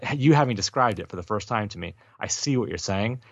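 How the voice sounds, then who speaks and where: A man's voice: fairly low pitch, lively intonation, quick pace, muffled recording, a little hiss or hum. A man co-hosting a casual wrestling podcast, giving blunt, dismissive opinions. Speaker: wrestling show co-host.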